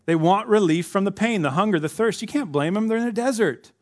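A man's voice: high-pitched, brisk. A man preaching a sermon in a conversational way, acting out the voices of the people he quotes. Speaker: pastor.

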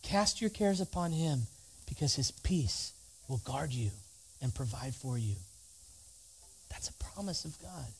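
A man's voice: on the high side, expressive, unhurried, vocal fry, pauses often, a little mellow, slight background noise. A man preaching a sermon, reading scripture aloud and leading the congregation in spoken responses. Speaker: pastor.

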